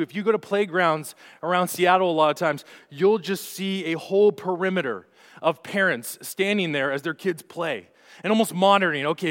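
A young man preaching a sermon as pastor, telling stories earnestly with rising and falling emphasis. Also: sits high. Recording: long hall reverb.

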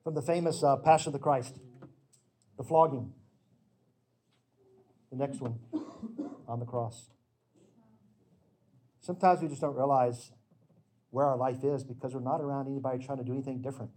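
A middle-aged man preaching a sermon with slides, in an earnest, emphatic storytelling manner that breaks into sudden loud bursts. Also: mid-range voice, steady tone, moderate pace, long pauses.

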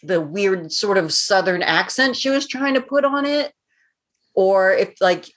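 A woman's voice: mid-range voice, measured pace, a bit bright. A woman of about fifty co-hosting a podcast, talking in a chatty way and laughing often. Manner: chatty, laughs often, says she raises her voice to carry. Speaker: podcast co-host. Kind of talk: casual chat.

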